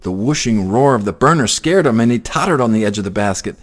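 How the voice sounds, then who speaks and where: A man reading a children's picture book aloud in an expressive, sing-song storytelling manner. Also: lowish voice, fast.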